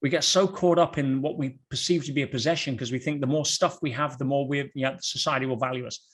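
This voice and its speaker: A man talking as a guest on a podcast, telling stories in an animated way with rhetorical questions and quick restarts. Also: mid-range voice, husky. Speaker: podcast guest, motivational speaker. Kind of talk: podcast conversation.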